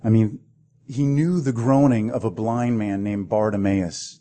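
Guy preaching a sermon, low warm voice, gets dramatic. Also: unhurried. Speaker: pastor.

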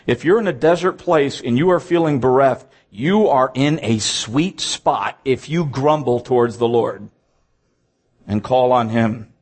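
A man's voice: mid-range voice, a little slow, slightly rough. A man preaching a sermon, reading scripture aloud and stressing points by repeating them.

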